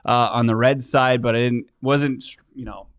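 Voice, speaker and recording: A man co-hosting a casual sports betting chat, easygoing and quick with asides. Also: mid-range voice, steady tone, clean tone, no room sound.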